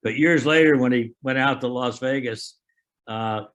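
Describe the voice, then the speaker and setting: A man's voice: medium pitch, normal speed, a bit bright. An older man, a Special Forces veteran, recounting anecdotes in an oral history, quoting others with frequent chuckles.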